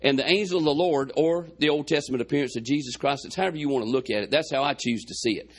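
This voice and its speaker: Male preacher, congested chest, gravelly voice, folksy storytelling sermon. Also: medium pitch, fast. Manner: folksy, retells scripture with quoted dialogue.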